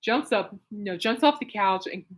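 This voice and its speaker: A woman hosts her own podcast alone at home late at night. She rambles through a story with lots of fillers and asides, getting excitable as she goes. Her pitch sits right in the middle for a woman. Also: moderate pace, poor audio. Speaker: podcast host. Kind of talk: casual rambling monologue.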